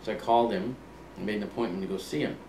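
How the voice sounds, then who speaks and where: A man's voice: fairly low pitch, rapid-fire, mellow. Older man telling stories in a roomy space. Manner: recounts events by acting out past conversations, with frequent ums and restarts. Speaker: author being interviewed. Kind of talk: relaxed anecdotal storytelling. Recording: roomy, distant mic, faint ambient hum.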